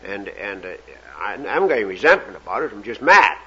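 A man's voice: fairly low pitch, big pitch swings, fairly quick, bright, forceful tone, breathy edge, dull audio. A man from Canada, speaking at a recovery meeting in a folksy, self-deprecating storytelling way.

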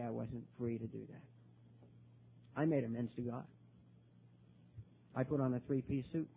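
An older man telling his own recovery story at a meeting, halting and repeating words, his voice rising when he gets worked up. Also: medium pitch, gravelly, slightly rough. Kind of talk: personal testimony talk. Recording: tinny phone-like recording.

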